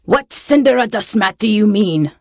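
A woman's voice: fairly high pitch, expressive, measured pace, gravelly, dry recording, studio quality, pitched above the performer's own voice, full character voice. A woman reading aloud voicing a wicked, vain old male pirate captain who bellows and turns sly. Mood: blustering.

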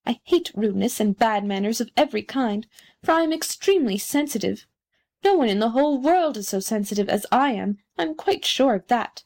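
A woman's voice: on the high side, lively intonation, brisk, a little mellow. A woman voicing a pompous, conceited male firework rocket in a storybook reading, haughty and self-important. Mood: huffy.

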